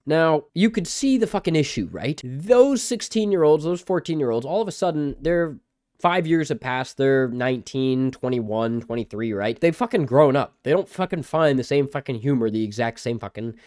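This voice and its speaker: A man's voice: mid-range voice, expressive, moderate pace, darkish tone, no echo, studio quality. Foul-mouthed sarcastic male reviewer. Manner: swears constantly, sarcastic. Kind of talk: profanity-laden mock rant.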